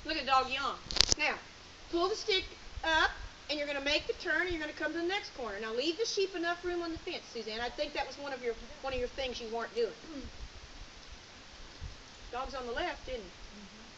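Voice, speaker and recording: A woman's voice: high voice, a little fast, pauses often. A woman, coaching a student as a sheepdog trainer at an outdoor clinic, directive and chatty, explaining as she goes. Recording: muffled outdoor recording with hiss.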